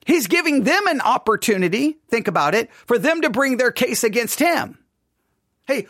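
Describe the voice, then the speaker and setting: A man giving an informal Bible study talk, animated, acting out quoted lines with rising emphasis and conversational restarts. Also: very high voice, a little fast, no echo, clean studio sound. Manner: animated, voices God's words with rising emphasis. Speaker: Bible teacher.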